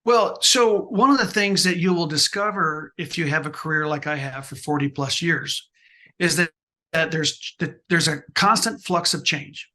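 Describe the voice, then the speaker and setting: A man's voice: a little high, moderate pace, bright, forceful tone. A man in his sixties, a photographer answering interview questions with emphatic motivational advice, often repeating and restarting his phrases.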